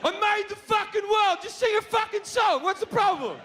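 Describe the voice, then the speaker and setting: A man voicing a petty, hateful, foul-mouthed male God who rants and shouts. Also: high-pitched, a little slow, big-room sound, some chatter behind, a little hiss or hum. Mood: bossy. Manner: ranting, shouting and swearing.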